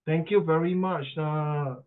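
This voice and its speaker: A man's voice: fairly high pitch, fairly even intonation, a little slow. A man with a Singaporean accent teaching an online class in a playful, joking way, full of rhyming wordplay. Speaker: tutor. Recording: tinny phone-like line.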